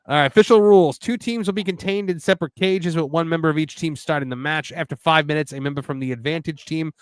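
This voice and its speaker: A man hosting a live watch-party stream, who jokes around and reads viewer messages aloud. His voice is smooth and a little high, recorded dry on a close mic. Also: fast talker, dry recording. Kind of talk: casual live-stream chat.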